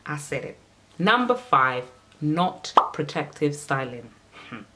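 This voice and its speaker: A woman with a Caribbean accent giving hair care tips in a casual vlog, sassy and playful with shouted exclamations. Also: low voice, big pitch swings, takes it slowly, very noisy.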